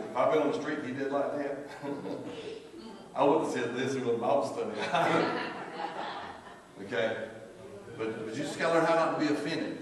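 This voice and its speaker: A male pastor, preaching in a folksy storytelling way and leading a prayer. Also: mid-range voice. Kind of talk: sermon with anecdotes and prayer. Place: church sanctuary. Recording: echoey church hall from far off.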